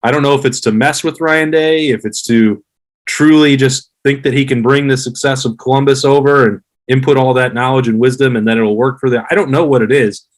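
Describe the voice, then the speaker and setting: A man in his thirties, a guest on a sports podcast, giving measured, analytical views in casual chat. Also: medium pitch, steady tone, low-quality recording. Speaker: podcast guest, former player.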